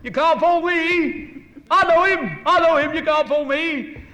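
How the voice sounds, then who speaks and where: A shrill, excited Manchester boy. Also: unhurried, long reverb tail, heavily acted. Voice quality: shrill, shouting. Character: excited scruffy teenage boy fan.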